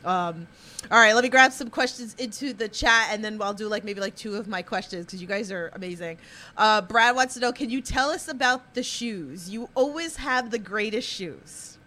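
A woman's voice: medium pitch, normal speed, sharp tone. A woman podcast host asking questions in a chatty, upbeat way with lots of fillers. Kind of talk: casual interview.

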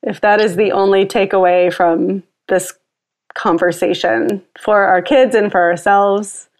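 A woman's voice: medium pitch, fairly even intonation, unhurried. A woman and mother speaking reflectively in a casual podcast conversation, often restarting her sentences.

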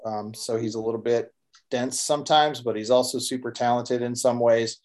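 A man's voice: mid-range voice, steady tone, moderate pace, darkish tone. A man co-hosting a podcast, chatting casually and rambling a little with fillers. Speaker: podcast co-host and author. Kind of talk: casual chat.

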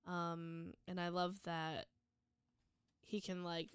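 A woman's voice: on the low side, little pitch movement, slow, clean tone, dry recording, studio quality. A woman co-hosting a book club podcast, casually sharing her opinions on a novel. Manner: chatty, shares opinions with "like" and "you know".

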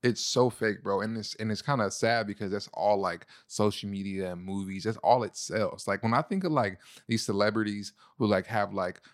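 A young man co-hosting a casual couple podcast, slangy and animated, full of "bro" and "you know what I'm saying". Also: lowish voice, normal speed, hardly any pauses, no room sound, clean studio sound. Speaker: podcast co-host.

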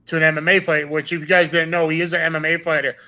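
A male podcast host with a bright, forceful voice pitched a little high. He chats in a wry, joking way. His sound comes through dull and lo-fi. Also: level tone, fast talker. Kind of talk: casual interview chat.

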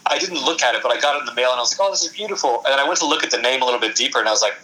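A man's voice: mid-range voice, poor audio. A man who is a guest on a podcast, talking casually in an effusive way and laughing readily. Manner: effusive, warm-hearted, quick to laugh.

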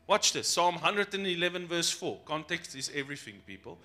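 A man's voice: a little high, animated, unhurried, long pauses, pushed and bright. A man preaching a sermon as pastor, playful and acting out voices of his congregation between points.

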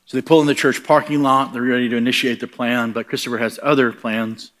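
A man preaching at a mid pitch who tells his story in a lively way. He slips into character voices for the people in his story. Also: a little fast. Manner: animated, acts out the voices in his stories. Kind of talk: sermon storytelling.

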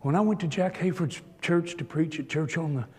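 Husky preacher man in a reverberant hall. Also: on the high side, fairly quick, darkish tone. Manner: storytelling that builds to emphatic exhortation. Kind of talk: sermon.

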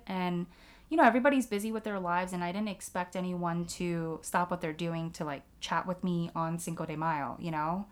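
Her voice sits on the low side, steady in tone and at normal speed. Chatting casually, the woman recounts a personal story with blunt honesty, dropping swear words freely and leaning heavily on "like."

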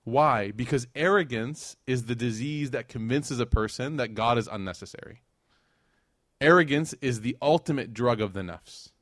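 A young adult man giving a religious lecture, telling a story with lively acted-out quotes and jokes to the audience. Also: mid-range voice, normal speed, no room sound, clean studio sound.

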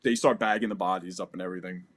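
A man telling a combat story from his military service in a casual, animated and profane way. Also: sits low, very fast. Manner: animated, profane, acts out quotes. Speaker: military veteran.

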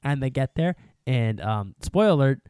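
Male podcast co-host, casual recap, mid-pitched, swears freely, dry studio sound. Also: normal speed, smooth, no room sound. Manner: animated retelling, acts out characters, swears often. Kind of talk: casual movie recap chat.

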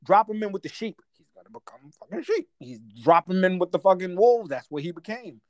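A man in his forties from Guyana, talking in a slightly high voice. He tells stories in a loose, slangy, animated way and laughs as he goes. The sound is dry and close. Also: brisk, dry recording. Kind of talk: casual storytelling chat.

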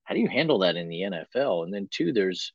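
A man co-hosting a casual sports talk show, analyzing in a brisk way and posing rhetorical questions. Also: sits low, sing-song, slightly rough, dry recording. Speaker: co-host. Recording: dry, muffled lo-fi audio.

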